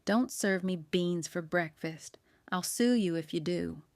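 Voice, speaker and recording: A woman's voice: lowish voice, a little slow, darkish tone, no room sound. A woman reading an audiobook, voicing a cranky, confused elderly aunt who rambles and grumbles on the phone. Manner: querulous, rambling, cackling.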